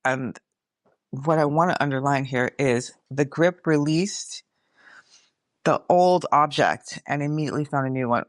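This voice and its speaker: In studio-quality audio free of echo, a middle-aged podcast host speaks in a low-pitched voice at normal speed. Her casual, reflective monologue is candid, full of swearing, and addressed to listeners she calls y'all.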